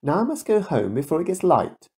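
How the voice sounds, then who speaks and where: A man's voice: fairly high pitch, sing-song, a little fast, a little mellow, voice pushed up. A dad doing a cheeky contrary little girl. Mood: cheery contrary.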